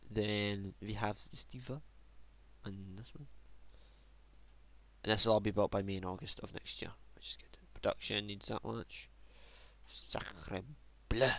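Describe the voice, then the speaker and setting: A man's voice: lowish voice, level tone, normal speed, gravelly. A man casually commentating his own strategy game, muttering to himself, joking and swearing now and then. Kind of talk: casual let's play commentary.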